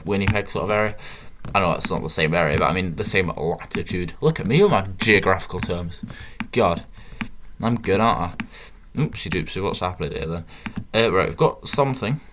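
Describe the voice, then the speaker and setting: A man's voice: sits low, a bit bright, a little hiss or hum. A British man giving casual, rambling gameplay commentary with self-mocking jokes. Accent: British English. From Britain. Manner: chatty, rambling, self-mocking, jokey asides. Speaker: gaming channel host.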